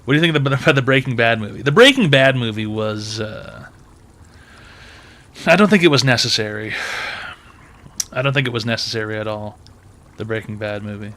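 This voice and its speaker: A man's voice: medium pitch, lively intonation, brisk, long pauses, fairly bright tone. A man hosting a call-in advice show, blunt, mocking and profane in crude comedic banter.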